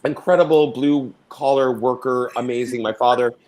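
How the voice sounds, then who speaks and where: A middle-aged Canadian guest performer, mid-range and steady in tone, a little mellow at a normal pace, tells theatrical stories in an interview. He performs different voices and sings lines along the way.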